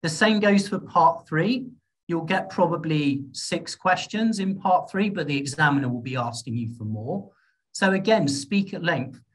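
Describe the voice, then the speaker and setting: A man with a British accent giving an online exam-prep speaking workshop in a lively, encouraging way, often checking in with the class. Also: a little high, unhurried. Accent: British English. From Britain. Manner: lively, encouraging, checks in with "okay?" and "all right?". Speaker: IELTS speaking teacher.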